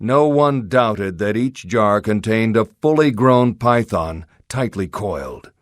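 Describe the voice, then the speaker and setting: A male audiobook narrator reading a pulp adventure in a steady, dramatic way. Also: lowish voice, slow pace, no echo, studio quality.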